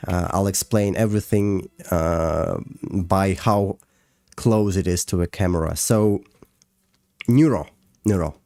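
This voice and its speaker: A Russian-accented man with a very low voice, talking slowly and haltingly on a casual livestream. He stumbles through fillers and restarts as he reads chat and explains his work. The sound is close and dry. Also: mellow, no echo. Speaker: streamer and animator.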